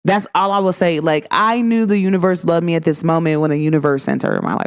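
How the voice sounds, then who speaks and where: Animated Cincinnati woman host, dry sound. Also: quick pace, no echo. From Cincinnati, Ohio. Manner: animated, swings up in pitch when quoting friends; chatty, many "like" fillers and slang. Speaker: podcast host. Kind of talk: casual spiritual monologue.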